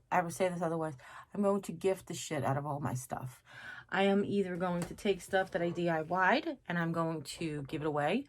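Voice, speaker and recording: A middle-aged woman rambles through a casual craft vlog straight to her camera. She is chatty and pokes fun at herself as she goes. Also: fairly low pitch. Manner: chatty, self-mocking, rambling. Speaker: craft vlogger. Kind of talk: casual vlog talk to viewers.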